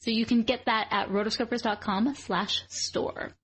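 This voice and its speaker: A woman's voice: fairly high pitch, fairly even intonation, normal speed, slightly rough. Upbeat woman co-hosting a podcast. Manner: upbeat, laughs easily. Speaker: podcast co-host. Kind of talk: casual podcast chat.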